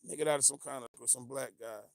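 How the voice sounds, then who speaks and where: A man with hosting a casual livestream, rambling and animated, often losing his train of thought and laughing as he reads viewer comments. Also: mid-range voice, fast, vocal fry, no room sound, studio quality. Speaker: livestream host.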